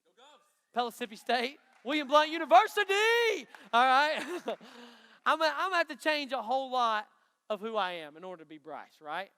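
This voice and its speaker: A man preaching a lively youth sermon from a stage, emphatic and joking with the students. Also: very high voice, normal speed, clean tone. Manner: energetic, emphatic, bantering with the audience. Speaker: youth pastor. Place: stage in a large hall before a student crowd. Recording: long hall reverb.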